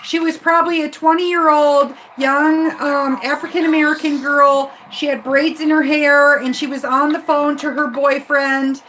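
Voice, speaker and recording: A woman's voice: high-pitched, level tone, moderate pace, hardly any pauses, fairly bright tone, a little hiss or hum. A woman rideshare driver telling her viewers an upset story on a live stream vlog.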